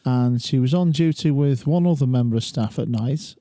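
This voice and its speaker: A man on a chat panel, telling a story calmly and in a measured way. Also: medium pitch, dry recording, clean studio sound. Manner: calm, measured, with fillers. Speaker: regular panelist. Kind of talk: casual chat.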